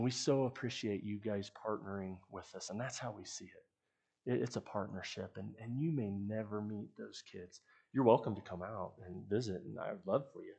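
A man's voice: medium pitch, creaky, a little mellow, breathy edge. A man who leads a youth ministry, giving an earnest, conversational sermon to the people who support it. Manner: earnest, conversational preaching with restarts.

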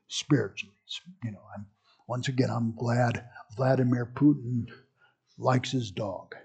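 Pastor, male, gravelly and husky, slow conversational sermon delivery with teaching asides. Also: medium pitch, steady tone, darkish tone.

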